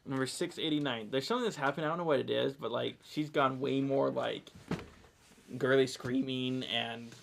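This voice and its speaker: A man's voice: mid-range voice, fairly even intonation, moderate pace, creaky, slight background noise. A man hosting a live sale, calling out lot numbers as he chats casually about family life. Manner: calls lot numbers between chatty family stories. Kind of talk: casual chat between lot calls.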